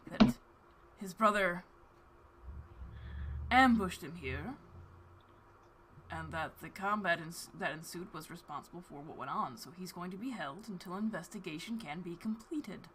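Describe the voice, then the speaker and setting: A reserved older nobleman father, stern and formal, speaking low and measured in a tabletop role-play game, as a woman game master puts him on. His voice is bright and carries a faint hiss of background noise. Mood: grave.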